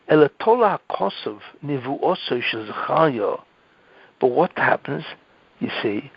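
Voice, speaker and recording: A man's voice: mid-range voice, vocal fry, husky, no room sound. A male rabbi giving a Torah class, explaining step by step, asking rhetorical questions and checking in with his listeners. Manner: explanatory, checks in with "okay?" and "right?"; rhetorical questions, animated emphasis. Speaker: rabbi teaching a weekly class. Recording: dull, dry lo-fi audio recording.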